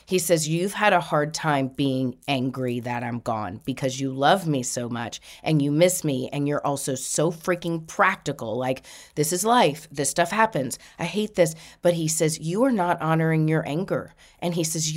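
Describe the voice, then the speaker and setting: Woman, low voice, psychic medium, chatty reading, quick laughs. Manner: relays messages in quotes, laughing often. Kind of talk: spiritual reading.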